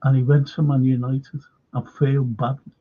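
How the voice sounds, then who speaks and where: This fan channel host speaks emphatically on his live show, naming viewers, repeating himself and swearing. His mid-range voice has little pitch movement at a moderate pace, heard through dull lo-fi sound.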